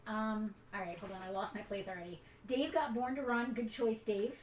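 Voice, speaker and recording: A woman's voice: medium pitch, fairly even intonation, normal speed, a little hiss or hum. Bubbly woman host in an echoey room. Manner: bubbly, laughs often, runs the list. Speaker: host of a live collectibles giveaway. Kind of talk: casual live-stream chat.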